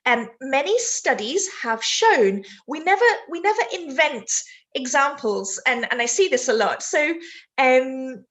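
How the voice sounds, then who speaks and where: British lady teacher, high voice, chatty, keeps answering the chat mid-lesson. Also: lively intonation, unhurried, a bit bright. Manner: chatty, laughs easily, reads chat aloud mid-sentence. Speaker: IELTS teacher. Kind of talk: live online lesson, giving essay feedback.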